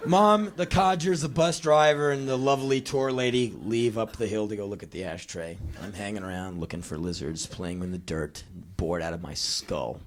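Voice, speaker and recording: A man in his twenties from the United States telling a profane story live on stage, jumping into shouted impressions. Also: lowish voice, normal speed, few pauses. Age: 20s. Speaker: spoken word performer. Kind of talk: live spoken word storytelling. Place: small live music venue.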